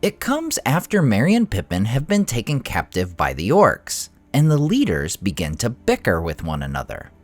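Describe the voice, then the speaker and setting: A man hosting a fantasy lore channel, giving expressive scripted narration. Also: on the low side, normal speed, few pauses, no echo, faint music behind.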